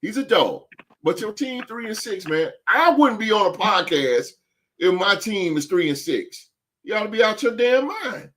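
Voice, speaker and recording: Sports podcast guy, kinda high voice, keeps stumbling and restarting but hammers his point. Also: a bit bright. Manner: emphatic, stammering restarts. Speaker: podcast host. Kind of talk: casual sports talk.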